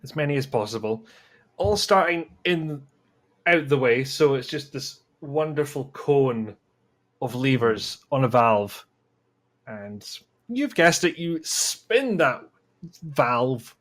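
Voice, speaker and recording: A man's voice: mid-range voice, lively intonation, takes it slowly, a bit bright. A man on a panel telling his idea in a dry, self-mocking way. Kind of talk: casual panel chat.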